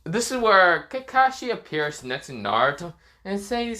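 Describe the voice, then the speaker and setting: A man narrating an improvised fan-fiction tale on the fly. He rambles with fillers and slips, his bright voice swinging widely in pitch. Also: sing-song, moderate pace. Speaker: storyteller.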